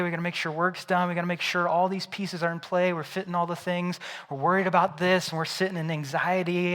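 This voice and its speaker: A young man, a pastor, preaching a sermon in a conversational way, often tossing in "right?" and moving between lively storytelling and quiet reflection. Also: on the high side. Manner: builds loud through storytelling, drops quiet and soft for reflection.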